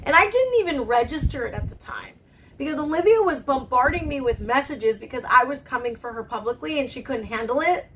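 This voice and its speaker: Woman YouTuber, high voice, blunt and heated, sprinkles in profanity, casual storytime delivery. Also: expressive, brisk, fairly bright tone, a little hiss or hum, rough recording. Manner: blunt and heated, heavy swearing, keeps asking "okay?". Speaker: commentary YouTuber.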